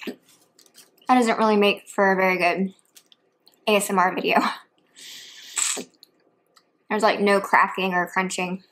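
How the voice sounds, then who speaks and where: A woman's voice: medium pitch, slow pace, long pauses. Chatty woman eating on camera. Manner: relaxed, chatty, talks between bites. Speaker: mukbang vlogger. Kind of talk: casual chat while eating. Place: home.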